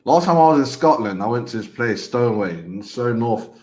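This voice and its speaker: A man's voice: medium pitch, lively intonation, fairly quick, darkish tone. A man co-hosting a football fan stream, chatting in loose, slangy banter. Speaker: co-host of a fan watchalong stream. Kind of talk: casual chat.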